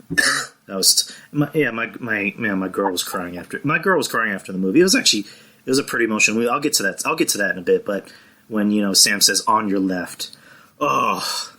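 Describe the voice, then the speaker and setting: Male podcast co-host, low bright tone, loose and rambling, swears casually. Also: expressive, fairly quick.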